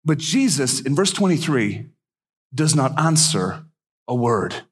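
A man preaching a sermon, telling stories and acting out the people in them with lively swings of voice. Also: mid-range voice, slow, husky. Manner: animated storyteller who acts out the people in his stories. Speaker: pastor.

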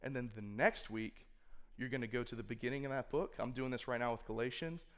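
A man at a mid-range pitch gives a laid-back sermon to a youth group. He talks loosely and conversationally, with plenty of "like" and "you know", and now and then acts out what a listener might think. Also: a little fast. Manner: conversational, filler-heavy, acts out imagined inner thoughts. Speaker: youth speaker. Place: room with a live audience.

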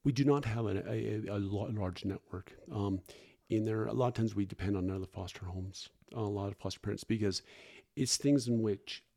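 A middle-aged man, a foster parent, talking candidly and earnestly as a podcast guest, often pausing and restarting. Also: fairly low pitch, a little mellow. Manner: earnest, halting, frequent restarts and fillers.

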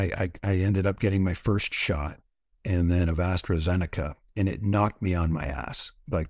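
A man's voice: low voice, darkish tone, no room sound, studio quality. A middle-aged man from Canada, candidly telling a long personal story in a casual interview, rambling with many fillers and frequent swearing. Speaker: podcast guest.

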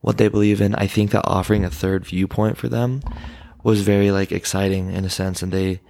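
A man's voice: low-pitched, level tone, fairly quick, creaky, darkish tone, no room sound, studio quality. A young man in casual podcast chat with his mother, rambling with lots of fillers. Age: young adult. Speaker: guest, son of host.

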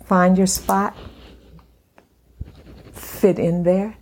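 Hosting a faith channel, a woman with a Liberian accent gives a slow, deliberate devotional talk, sometimes slipping into soft whispered asides. Her voice is fairly low with little change in pitch.

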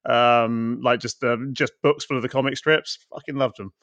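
A relaxed man co-hosts a casual podcast chat, joking and swearing easily. His voice comes through slightly muffled and lo-fi. The recording is dry and close, with no room sound. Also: mid-range voice, normal speed, no room sound. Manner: laid-back, laughs and swears often. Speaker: podcast co-host. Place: home room.

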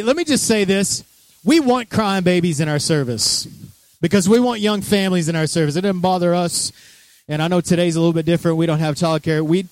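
A pastor preaching a sermon with energy, joking asides and direct questions to the congregation. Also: male voice, on the high side, darkish tone, no echo.

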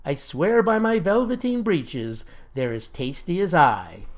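A man voicing a flustered, timid young man who pleads in a high, whiny voice. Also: expressive, unhurried. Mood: prim.

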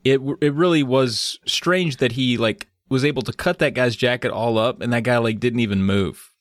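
A man co-hosting a casual podcast, full of jokes and lively retellings of movie scenes. His voice sits at an ordinary middle pitch. The sound is close and dry, with no room echo. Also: moderate pace. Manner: joking, animated retelling of scenes. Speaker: podcast co-host. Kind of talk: casual chat.

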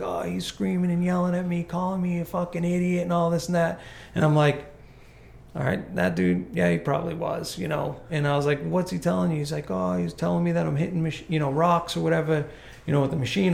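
A man hosting a podcast, swearing freely as he tells an animated workplace story in casual chat. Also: medium pitch, creaky, echoey room, a little hiss or hum. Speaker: podcast host, golf course superintendent.

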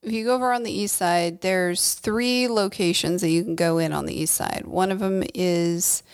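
A woman's voice: on the low side, steady tone, normal speed, clean tone. A woman co-hosting a podcast, chatting casually and agreeably, often chiming in with short replies. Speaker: podcast co-host. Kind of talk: casual chat.

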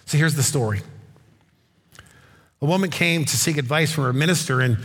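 A fairly high, husky male voice delivers a relaxed, story-driven sermon. He talks to the congregation like a friend, slipping in dry little jokes. A long reverb trails behind every phrase, as in a large church hall. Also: normal speed. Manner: conversational storytelling preacher with wry asides. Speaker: pastor.

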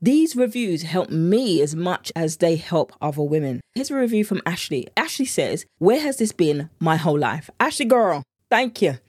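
A woman's voice: low voice, very animated, normal speed, hardly any pauses, dark tone, slightly rough, no room sound, studio quality. Earnest British woman podcast host. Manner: earnest, heartfelt, chatty, faith-filled. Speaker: podcast host and meal planning coach. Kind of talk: solo podcast talk.

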